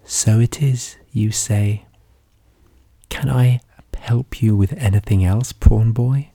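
Whispered role-play narrator: man with a dark, husky voice, slow and deadpan, dry close mic. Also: fairly low pitch, no room sound.

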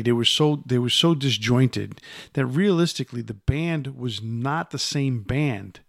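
A podcast co-host with a medium-pitched voice chats casually in clean studio sound with no room echo. He rambles, restarting sentences and repeating words often, and his voice rises emphatically when he drives a point home.

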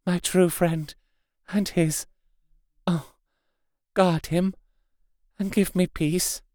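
A man reading aloud, voicing a young dying woman in a soft, faint, raised voice. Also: high voice, lively intonation, slow pace, clean tone, no echo, clean studio sound, pitched above the performer's own voice.

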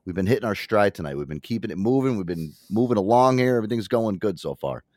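Animated, profane male podcast host. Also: lowish voice, fast talker, no echo, clean studio sound. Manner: profane animated storytelling, acts out friends' lines. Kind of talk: casual podcast chat.

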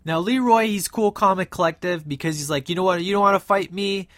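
Male film fan, slightly high voice, rambling casual recap, dry close mic. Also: a little fast, fairly bright tone, no room sound. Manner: enthusiastic, rambling, frequent fillers. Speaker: film reviewer.

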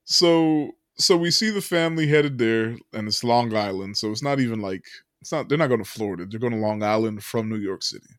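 A man's voice: on the low side, lively intonation, a little fast, hardly any pauses, fairly bright tone, no echo, studio quality. A man co-hosting a podcast, recapping a film in casual chat, often laughing and acting out the characters' lines.

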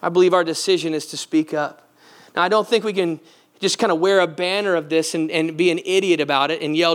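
A man's voice: a little high, fairly even intonation, fairly quick, smooth. A male pastor giving a sermon, earnest and conversational, often putting direct questions to the congregation.

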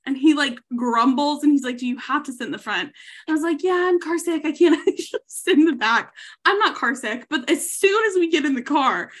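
A woman's voice: high voice, lively intonation, a little fast. A woman co-hosting a podcast, telling a story in casual chat, laughing often and swearing freely. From Savannah, Georgia. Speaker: podcast co-host.

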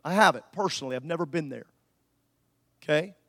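A male pastor preaching a sermon, moving from quiet asides to shouted peaks. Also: fairly high pitch, a little fast, vocal fry.

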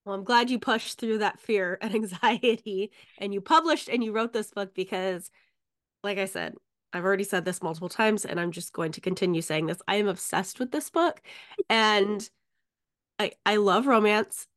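Woman, podcast host, gushing, enthusiastic, chatty, mid-pitched voice. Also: moderate pace, a bit bright. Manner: gushing, enthusiastic, says "like" a lot. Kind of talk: casual interview chat.

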